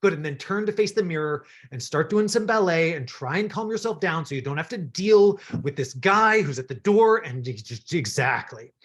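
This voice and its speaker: A man's voice: on the high side, animated, moderate pace, hardly any pauses, a bit bright. A man from Canada coaching actors through self-tapes in a chatty, encouraging way, with plenty of fillers. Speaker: acting coach. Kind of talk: acting workshop instruction.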